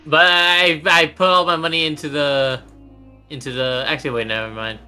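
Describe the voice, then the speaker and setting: A man's voice: a little high, little pitch movement, normal speed, over loud music. A man playing a tabletop game, talking hesitantly and asking questions. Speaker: player.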